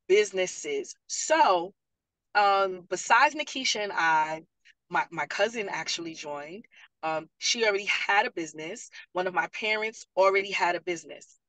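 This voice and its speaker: Lively woman. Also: lowish voice, normal speed, dry recording, poor audio. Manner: animated storyteller, acts out quotes. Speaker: parent liaison and program graduate. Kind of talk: casual panel talk.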